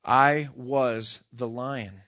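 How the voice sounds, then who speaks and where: Man doing a huge solemn lion, slow grave speech, storybook reading. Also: mid-range voice, fairly even intonation, a bit bright. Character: vast, calm, deep-voiced male lion.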